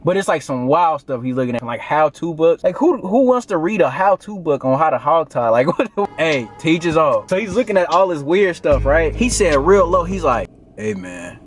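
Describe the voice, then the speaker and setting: A young man in his twenties tells a story with an animated, slangy delivery in a somewhat high voice. His storytelling is casual and lively. Faint music sits under the voice. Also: normal speed, few pauses. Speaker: vlogger. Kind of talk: storytime vlog.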